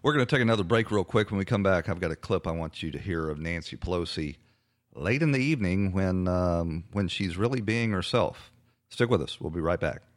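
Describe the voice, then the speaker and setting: Male talk host, very low voice, indignant, halting with fillers. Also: animated. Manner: indignant, hesitant with many fillers. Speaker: political talk show host. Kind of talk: conservative radio talk commentary.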